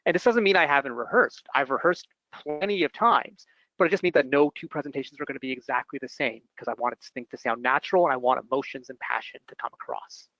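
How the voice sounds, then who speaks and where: A Canadian man in his thirties with a gravelly edge to his voice, talking through advice in a loose, conversational webinar style. He punches important words with sudden emphasis. The recording is dull and close, with no room sound. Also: medium pitch, a bit bright, no room sound. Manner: conversational, stresses key words with bursts of emphasis. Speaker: webinar presenter and consultant. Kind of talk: casual instructional talk.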